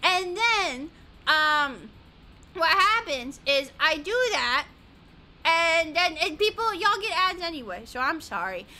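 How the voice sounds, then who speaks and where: A woman's voice: very high-pitched, sing-song, slow pace, pushed and bright. A woman gaming streamer chatting casually while she plays, rambling, giggly, easily sidetracked and swearing a lot.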